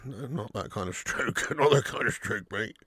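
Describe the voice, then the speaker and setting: A man's voice: mid-range voice, normal speed, a bit bright, slightly rough, dry recording, studio quality. A man hosting a live football watch-along stream, bantering and laughing as he reads out viewer messages.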